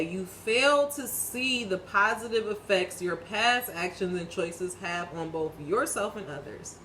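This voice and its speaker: A woman's voice: fairly low pitch, a little hiss or hum, rough recording. A woman in her thirties reading tarot and giving viewers an emphatic, preachy spiritual pep talk, swearing freely and speaking bluntly to the listener. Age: 30s. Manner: preachy, talks straight to the listener. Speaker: tarot reader.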